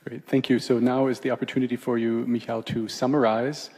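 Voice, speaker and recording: A man moderating a public debate and running the vote in a brisk, procedural way. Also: medium pitch, little pitch movement, darkish tone, husky. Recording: echoey hall.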